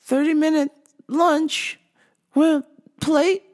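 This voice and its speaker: A woman voicing a confused customer in her sixties who rambles in halting, muddled phrases. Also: high-pitched, steady tone, darkish tone, voice pushed up. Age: 60s. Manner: halting, muddled, repeats herself.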